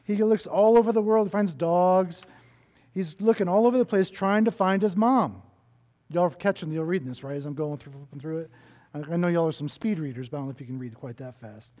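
A male pastor preaching a sermon, telling a children's story in an animated way, with chatty asides to his congregation. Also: high voice, a little fast. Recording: long hall reverb.

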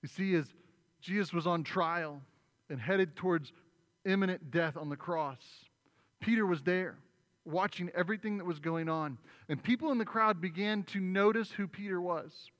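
A man's voice: high voice, normal speed, a bit bright. A man preaching a sermon as pastor, retelling a story vividly and acting out the voices. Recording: long reverb in a large hall.

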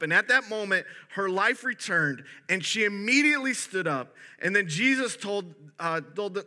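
A male pastor giving a conversational, animated sermon, often restarting his sentences. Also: on the high side.

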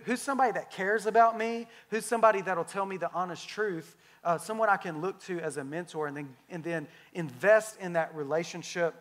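A young man preaches in a high voice. He keeps the sermon casual and funny, with animated storytelling that draws in the crowd. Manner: conversational and humorous, animated storytelling. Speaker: preacher at a church.

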